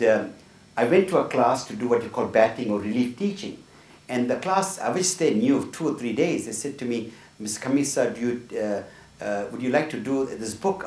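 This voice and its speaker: A man's voice: mid-range voice, darkish tone. A middle-aged man giving a motivational workshop talk full of personal stories, earnest and often asking "right?". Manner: earnest, tags points with "right?". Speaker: workshop speaker. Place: room with a small group. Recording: echoey room from a distance.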